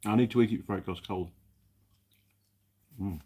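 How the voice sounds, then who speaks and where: This man's mellow, husky voice sits low and moves at a normal speed. He's a mechanic running a casual live chat in his workshop, chatting loosely with many restarts while going through viewer comments.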